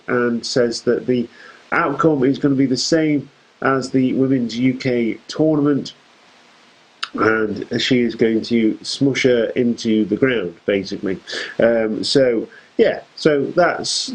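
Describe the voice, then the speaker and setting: A man's voice: mid-range voice, breathy edge, rough recording. A man hosting a fan show, giving a chatty, rambling recap of a wrestling show with jokey asides.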